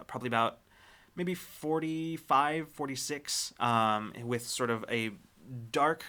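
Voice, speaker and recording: A man running a tabletop game as game master, narrating scenes in a descriptive, halting way with many fillers. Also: mid-range voice, sharp tone.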